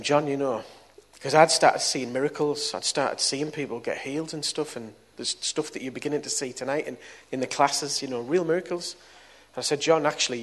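A middle-aged man preaches to a gathering. He tells a personal story, and his voice moves between quiet, confiding passages and sudden loud bursts. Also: medium pitch. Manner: storytelling, swings from soft to loud. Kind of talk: testimony sermon.

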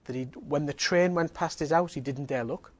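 A man's voice: on the high side, moderate pace. A man giving a sermon, earnest and emphatic, driving points home with repeated phrases. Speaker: preacher.

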